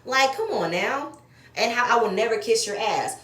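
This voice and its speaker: A woman's voice: on the high side, animated, moderate pace, a bit bright. A woman giving blunt, profane, opinionated commentary while she reviews a reality show episode. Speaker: reality TV recap host. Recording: echoey room.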